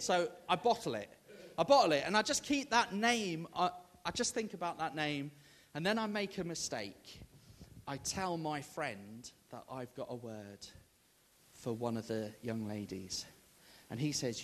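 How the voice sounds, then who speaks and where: Minister, animated storyteller who acts out the dialogue, gets the room calling out answers, a voice that swings a lot. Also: male voice, fairly high pitch, measured pace. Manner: rallies the audience to call out answers. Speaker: Baptist minister. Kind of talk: storytelling sermon to a congregation.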